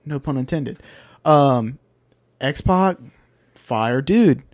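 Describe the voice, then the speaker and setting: A man in casual podcast chat, excitable and slangy about his opinions. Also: mid-range voice, extremely slow, dry recording, studio quality. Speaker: podcast co-host.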